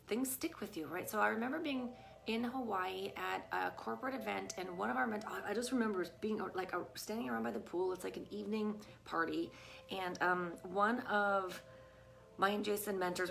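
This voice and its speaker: A woman's voice: mid-range voice, vocal fry, fairly bright tone. A middle-aged woman vlogging casually to her viewers on a live stream, chatty and full of fillers. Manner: chatty, many fillers like "you guys" and "right?". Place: home with a dog nearby. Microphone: phone or camera on a live stream.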